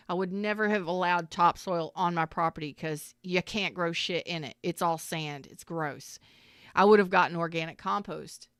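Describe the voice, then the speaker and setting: Candid, swearing woman with a crisp voice. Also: lowish voice, a bit bright, no echo, studio quality. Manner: candid, swears freely, rambling asides. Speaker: tarot reader. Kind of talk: casual storytelling to viewers.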